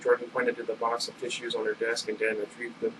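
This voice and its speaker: A man's voice: medium pitch, monotone, quick pace. A man reading a novel aloud in a casual storytelling way, stumbling and correcting himself as he goes. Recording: distant mic with air-conditioner hum.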